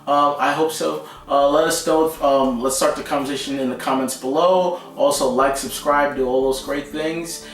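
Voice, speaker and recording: A man's voice: medium pitch, steady tone, normal speed, few pauses, faint music behind. A man co-hosting a casual pop-culture chat, talking emphatically and often restarting his words. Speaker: co-host. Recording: roomy echo, mic at a distance.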